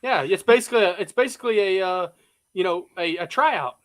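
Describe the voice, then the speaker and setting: Brief: male panelist, slightly high voice, loose rambling talk with lots of "you know". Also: lively intonation, fairly quick, a bit bright. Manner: rambling, many fillers and restarts. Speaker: co-host. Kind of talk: casual sports chat.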